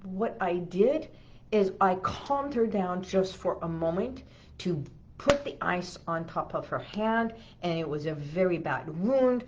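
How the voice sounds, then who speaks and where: A woman's voice: lowish voice, lively intonation, unhurried, muffled recording, noisy background. A middle-aged woman hypnotherapist gives a self-help talk, telling a personal story and often checking in with the listener with an "okay?".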